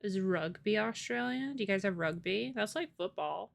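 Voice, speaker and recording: A woman's voice: medium pitch, lively intonation, normal speed, vocal fry. An American woman livestreamer chatting casually with viewers, rambling and laughing often. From United States. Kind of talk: casual chat with live viewers.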